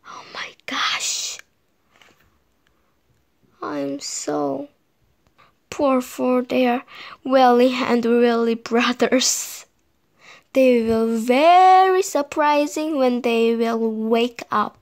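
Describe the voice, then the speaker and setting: A woman whose first language is Korean, reading a children's story aloud in a slow, sing-song way. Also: high voice, vocal fry, a little mellow.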